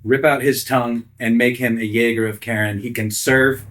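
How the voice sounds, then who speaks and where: A man's voice: medium pitch, fairly even intonation, normal speed, a bit bright. A man playing a tabletop game, speaking formally and deferentially in character. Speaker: player.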